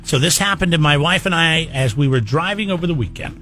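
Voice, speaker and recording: A man hosting a radio morning show, running a call-in game in casual banter with frequent halting restarts. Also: a little high, expressive, bright, forceful tone, faint music behind. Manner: halting, restarts often, playful. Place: radio studio.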